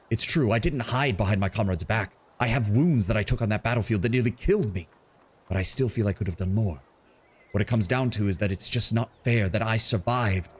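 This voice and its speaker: A man's voice: on the low side, husky. A man voicing a guilt-ridden male soldier captain, speaking in a solemn, bitter tone.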